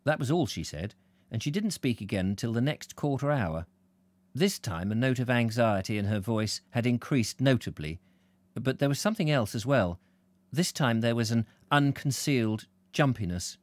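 A man's voice: mid-range voice, moderate pace, no room sound. Man reading a novel aloud. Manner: relaxed, chatty asides to live viewers. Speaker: reader, host of live reading. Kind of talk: live book reading.

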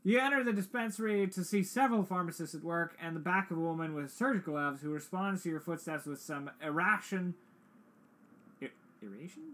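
A man on a casual game stream, reading game text aloud and tossing in jokey asides. His voice is bright and rather high for a man. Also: fairly quick.

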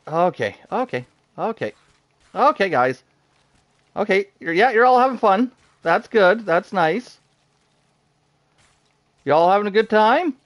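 An excitable man narrates his own gameplay, talking to himself with frequent bursts of laughter. His voice sits fairly high and swings widely in pitch. The recording is close and dry, with no room sound. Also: slow pace, long pauses, no echo. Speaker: gaming streamer. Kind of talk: live game commentary.

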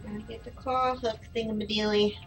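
A woman's voice: a little high, little pitch movement, brisk, over music. A woman chatting casually while her husband plays a video game, playful and giggly, giving tips from the side. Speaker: streamer and co-host. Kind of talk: casual chat while watching gameplay. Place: home living room. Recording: distant room mic with background noise.

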